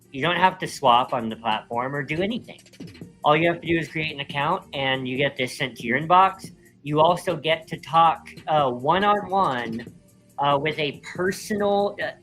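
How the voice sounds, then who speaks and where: A man's voice: fairly high pitch, fairly bright tone, poor audio. A man co-hosting a live crypto show, reading a sponsor roll-up in an easygoing way with many filler ums. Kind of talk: casual chat and ad read.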